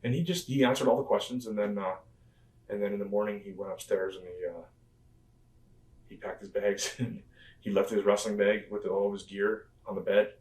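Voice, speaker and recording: Lowish man telling stories in a roomy space. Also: fairly even intonation, fairly quick, a little mellow. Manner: rambling anecdotes with frequent fillers and chuckles. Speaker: interview guest, former pro wrestler. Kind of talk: casual storytelling interview. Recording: roomy and distant from the mic.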